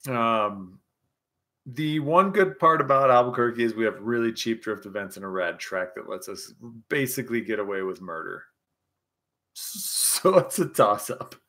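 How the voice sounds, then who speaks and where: A man's voice: mid-range voice, a little slow, sharp tone. A young man hosting a casual livestream chat, a bit tipsy from scotch, rambling and swearing as he reads chat and tells stories. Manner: rambling, profane, laughing storyteller. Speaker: livestream host.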